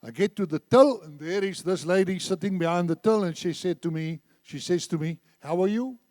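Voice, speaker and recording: A man in his seventies preaching a sermon in a church, an animated storyteller who acts out the dialogue. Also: high-pitched, a little fast, no echo, clean studio sound. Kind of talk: sermon with told anecdotes.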